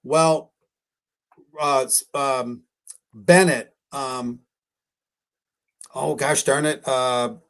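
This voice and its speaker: A man's voice: mid-range voice, fairly even intonation, very slow, long pauses, fairly bright tone. A man talking as a guest researcher on a live-streamed radio interview, rambling and hesitant, correcting himself often with fillers.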